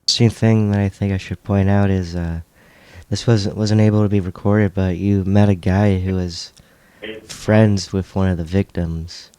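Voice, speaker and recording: A man interviewing a guest, prompting him with measured conversational questions. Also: deep voice, steady tone, mellow, smooth, no room sound.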